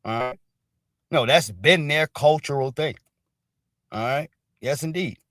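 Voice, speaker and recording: A man's voice: mid-range voice, measured pace, fairly bright tone, no echo. Emphatic man, "all right?" after every point. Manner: loose and emphatic, repeats "all right?" constantly. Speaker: show host. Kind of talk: casual livestream commentary.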